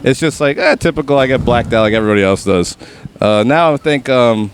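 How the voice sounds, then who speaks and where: A man talks as a podcast guest in a loose, rambling way, stopping often for fillers. His voice is mid-pitched, and a faint background noise sits under it. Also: a little fast. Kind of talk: casual chat.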